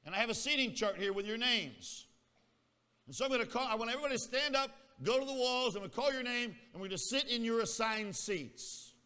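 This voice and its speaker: A bossy schoolteacher barks orders at a class in a raised, bright voice, as a male preacher acts it out. The voice rings through a reverberant hall. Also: very high voice, expressive, a little fast, clear, resonant tone, voice pushed up, exaggerated voice. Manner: commanding, instructive. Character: bossy teacher taking attendance.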